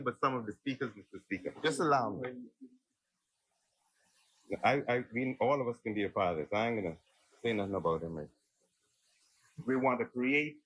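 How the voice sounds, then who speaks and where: A man's voice: a little high, pushed and bright, low-quality recording. A man with a Bahamian accent giving an earnest parliamentary budget debate speech in a chamber, listing names and groups and addressing the Speaker again and again. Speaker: member of parliament.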